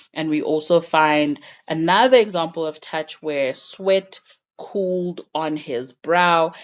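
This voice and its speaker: Slow, patient woman teacher. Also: lowish voice. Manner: patient, explanatory, slow-paced. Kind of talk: lesson narration. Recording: dull lo-fi recording.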